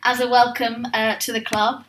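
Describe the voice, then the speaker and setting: A woman hosting a chat show, laughing easily and hesitating with ums between questions. Her voice is on the high side. She sounds distant from the mic, with heavy room echo and clear background noise. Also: level tone, normal speed, a bit bright. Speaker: podcast host. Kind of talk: casual interview chat.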